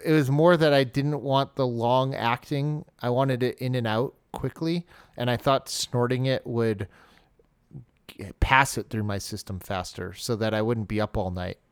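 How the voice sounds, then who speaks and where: A man's voice: medium pitch, fairly even intonation, unhurried, clean tone, no room sound. A young man co-hosting a podcast, chatting casually and laughing at himself. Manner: self-deprecating, laughs at himself. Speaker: podcast co-host.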